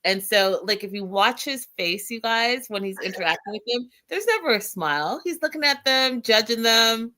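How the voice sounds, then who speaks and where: A woman hosting a casual reality TV recap, telling scenes with animated retellings and frequent laughter. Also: fairly high pitch, moderate pace, hardly any pauses. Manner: animated storyteller, acts out quotes, laughs often. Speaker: host.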